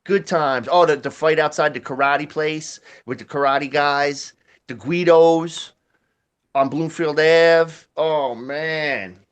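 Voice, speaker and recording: A man's voice: on the high side, slow pace, clean tone. A man, telling a rambling, profane story in casual chat, laughing often. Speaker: podcast host.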